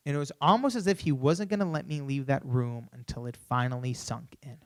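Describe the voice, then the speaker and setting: A young man giving a keynote on a conference stage, telling an animated story through a stage microphone, with many "you know"s. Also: mid-range voice, a little fast, few pauses. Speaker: keynote speaker.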